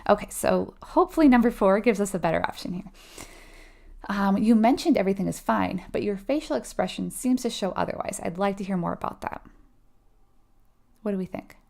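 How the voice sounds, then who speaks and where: Woman, nursing exam tutor, slightly gravelly voice, chatty, conversational. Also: mid-range voice, a little mellow. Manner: casual and conversational, frequent "um" and "right?"; acts out short quoted replies with a laugh. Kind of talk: explaining exam questions.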